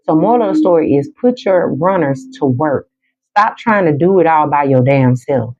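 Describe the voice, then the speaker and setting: Deep-voiced woman, livestream spiritual reader, emphatic and repetitive, muffled lo-fi audio. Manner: emphatic and repetitive, slows down for calming affirmations. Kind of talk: motivational livestream chat. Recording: dull lo-fi sound.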